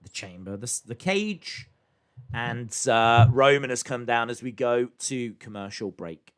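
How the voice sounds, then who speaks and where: A man's voice: medium pitch, expressive, unhurried, a bit bright, smooth. A young man hosting a casual live reaction stream, chatting and thinking aloud with frequent fillers.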